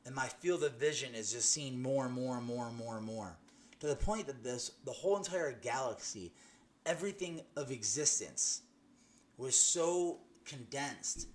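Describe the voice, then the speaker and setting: A man's voice: medium pitch, a little hiss or hum. A young man giving a personal faith testimony, telling his story earnestly with many restarts and "you know"s. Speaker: testimony speaker.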